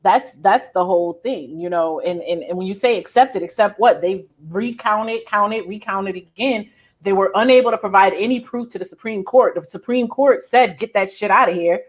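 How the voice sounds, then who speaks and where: A woman's voice: medium pitch, normal speed. A woman co-hosting a heated live call-in debate, sarcastic and insistent on facts.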